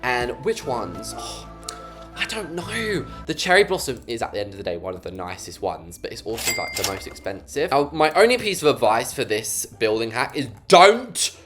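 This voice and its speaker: A man's voice: medium pitch, big pitch swings, normal speed, music in the background. A young man from England with an English accent, chatting casually and jokily while building in a game as a vlogger. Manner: chatty, jokey, playfully dramatic. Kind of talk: casual gameplay commentary.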